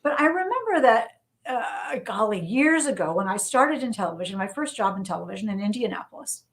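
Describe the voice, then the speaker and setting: A middle-aged woman, a journalist and novelist, telling lively anecdotes as an interview guest and repeating phrases for emphasis. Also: medium pitch, fairly quick. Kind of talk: conversational storytelling interview.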